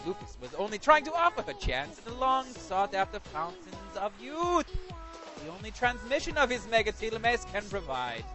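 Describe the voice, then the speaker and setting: A man's voice: high-pitched, very animated, a little fast, music in the background. A man voicing a bombastic male game show host who reads an outraged letter aloud with grandiose, indignant proclamations.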